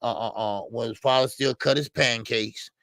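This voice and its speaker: A man's voice: mid-range voice, steady tone, normal speed, vocal fry, sharp tone, no room sound. A man co-hosting a boxing talk show, rambling with many hesitations. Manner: rambling, hesitant, many uhs and you-knows. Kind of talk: casual boxing chat.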